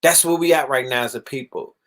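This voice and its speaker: A young man hosting a casual livestream monologue, animated and profane, sometimes mocking others in put-on voices. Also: medium pitch, fairly quick. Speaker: livestream host.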